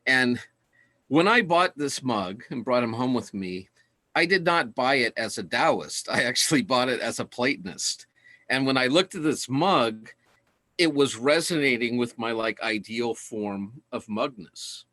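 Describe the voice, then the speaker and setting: A man's voice: mid-range voice, lively intonation, measured pace, sharp tone, no echo. Enthusiastic man giving a casual lecture. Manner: enthusiastic, laughs often. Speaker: teacher.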